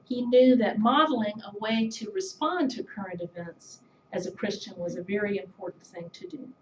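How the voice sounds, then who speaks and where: A woman's voice: medium pitch, moderate pace, slight background noise. Middle-aged woman telling stories in an echoey hall. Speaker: speaker giving a tribute. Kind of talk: anecdotal tribute speech. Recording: echoey, slightly dull room recording.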